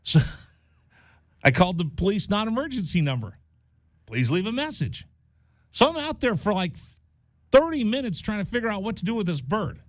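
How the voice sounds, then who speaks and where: A man's voice: sits high, moderate pace, dry recording, clean studio sound. A man hosting a radio show, chatting casually and acting out the people in his story. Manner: animated, acts out voices in his story. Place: radio studio.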